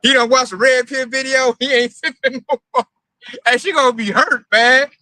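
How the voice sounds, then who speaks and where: A man's voice: extremely high pitch, steady tone, moderate pace, bright, forceful tone, no room sound, low-quality recording. A man preaching in a casual, emphatic and profane way, mocking his targets as he talks.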